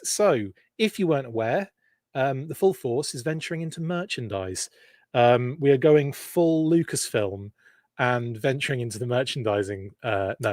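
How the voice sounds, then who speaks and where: A man's voice: medium pitch, dry recording, studio quality. A man hosting a podcast live stream, chatting casually and self-deprecatingly as he reads out viewer comments and laughs often. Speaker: podcast host.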